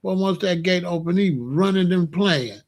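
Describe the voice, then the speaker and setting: A man with a high voice delivers casual online commentary at a moderate pace. He's animated and mocking, laughing often and circling back repeatedly to the same catchphrase.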